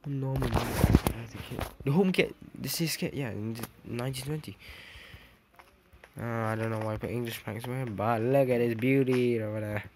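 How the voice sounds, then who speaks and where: A young male gaming vlogger with a mid-range, somewhat dark voice talks at normal speed through a casual, rambling walkthrough of a game build, correcting himself and saying "dude" a lot. Background hiss and clicks make the recording noisy.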